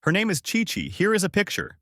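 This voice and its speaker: A man's voice: sits high, wildly swooping pitch, a little fast, pushed and bright, no echo, studio quality, pitched above the performer's own voice, exaggerated voice. A man voicing a huge, burly, kindly king with a hearty, talkative manner.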